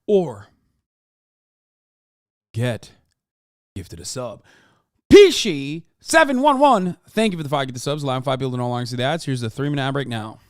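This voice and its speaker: A man's voice: mid-range voice, fairly quick, long pauses, dry recording, studio quality. A man streaming live, reacting to clips with heated, profane, mocking commentary. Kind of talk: casual profane livestream commentary.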